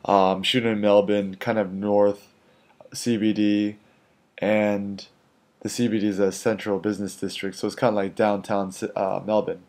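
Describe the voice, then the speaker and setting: A street photographer, a man, recounts an encounter in a loose, conversational ramble. His voice sits on the low side, and he leans on fillers like "you know" and "um". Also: flat delivery, normal speed, a little mellow. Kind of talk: casual storytelling.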